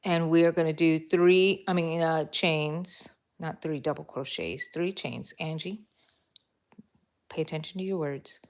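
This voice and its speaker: Brief: middle-aged woman, drawl, unhurried, low-pitched, chats with viewers as she crochets. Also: a little mellow. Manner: chatty, laughing, talks to viewers. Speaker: crochet vlogger. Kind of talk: casual live-stream chat while crocheting.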